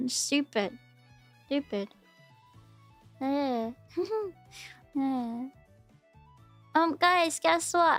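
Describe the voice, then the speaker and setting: A woman chatting casually on a live stream, rambling and hesitant with lots of fillers. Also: high voice. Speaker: VTuber streamer.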